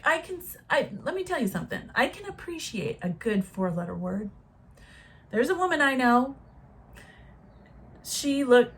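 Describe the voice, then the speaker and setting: A slow, unhurried woman in her forties speaks straight to her viewers, musing and frank in a motherly way. Her voice is gravelly with a husky edge, and she takes her time over each thought. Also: medium pitch, a bit bright. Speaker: vlogger. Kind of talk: casual reflective monologue.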